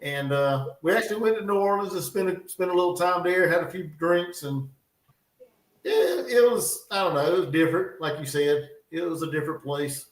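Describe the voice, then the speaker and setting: A man's voice: fairly high pitch, fairly quick. A man hosting a live stream, chatting in an easygoing, rambling way. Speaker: stream host. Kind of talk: casual live-stream chat. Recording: roomy, off-mic sound.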